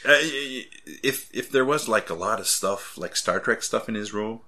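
A man's voice: fairly low pitch, lively intonation, normal speed, sharp tone. A man in casual, rambling conversation about comics, often laughing. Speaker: podcast co-host.

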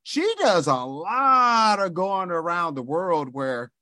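Animated man joking through a recap. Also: sits high, slow pace, no echo, studio quality. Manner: animated, jokey, acts out characters' lines. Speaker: podcast co-host. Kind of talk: casual chat recapping a sitcom episode.

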